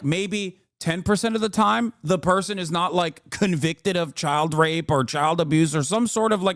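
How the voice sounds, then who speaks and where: A man in his thirties reacting on a live stream, ranting with exasperation and a lot of cursing. His voice sits a little high for a man and leaps higher still when he gets heated. The sound is dry and close, with no room around it. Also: no room sound. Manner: exasperated, profane ranting with sudden pitch jumps. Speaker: political streamer.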